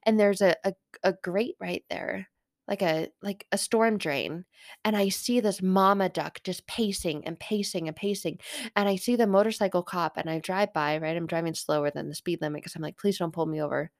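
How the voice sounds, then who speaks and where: A middle-aged woman and mother telling a personal faith story as a podcast host, rambling and animated and often correcting herself. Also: lowish voice, moderate pace, no room sound, clean studio sound.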